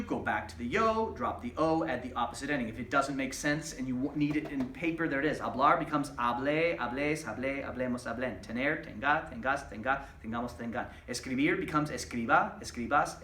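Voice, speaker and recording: In a recorded classroom lesson, a man patiently explains Spanish grammar, repeating examples one step at a time. His voice is on the high side with a fairly bright tone. The mic is distant, leaving him off-mic in an echoey room.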